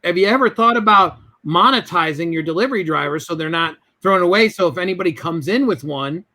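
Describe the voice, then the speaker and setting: A man's voice: high voice, animated, brisk, sharp tone. A man telling a business story as a guest in an interview, acting out both sides of the conversations.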